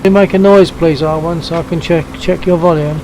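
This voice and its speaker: A man's voice: a little high, fairly even intonation, a little fast, darkish tone, a little hiss or hum, rough recording. An older man hosting a flight-sim stream, chatting genially with players and checking his setup, with old-fashioned greetings. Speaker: streamer and host. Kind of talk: casual game stream chat.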